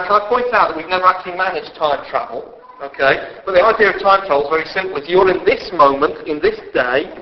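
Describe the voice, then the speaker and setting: Male preacher, animated and chatty, slipping into voices; somewhat high voice, muffled church recording. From England. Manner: lively, conversational, acts out quoted voices. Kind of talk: sermon. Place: church hall. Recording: dull lo-fi sound with faint background hiss.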